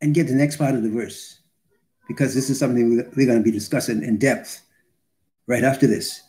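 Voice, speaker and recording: A man preaching a sermon, slow and deliberate, pausing between phrases and reading scripture aloud for emphasis. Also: mid-range voice, steady tone, mellow.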